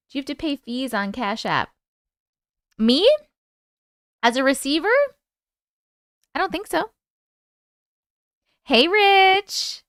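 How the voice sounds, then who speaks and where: A woman's voice: sits high, animated, unhurried, long pauses, a bit bright, clean tone, dry recording, studio quality. A woman with a New York accent hosting a live stream, greeting chatters by name in a chatty, playful way. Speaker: livestream host. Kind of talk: casual live-stream chat.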